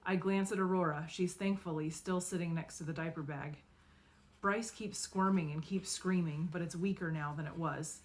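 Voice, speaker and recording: A woman narrating a novel in the first person, expressive and acting out the dialogue. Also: lowish voice, normal speed. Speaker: audiobook reader.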